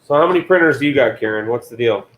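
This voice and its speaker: A man's voice: medium pitch, animated, quick pace. A man hosting a casual livestream, joking and swearing loosely while wiring a printer. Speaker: host building a printer enclosure.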